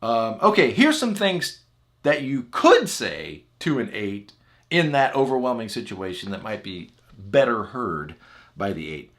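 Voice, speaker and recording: A man's voice: fairly low pitch, unhurried. A man teaching as a personal growth coach in a chatty, conversational way, often checking in with the listener. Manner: chatty, asks the listener "right?"; acts out example phrases in lively voices. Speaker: relationship coach.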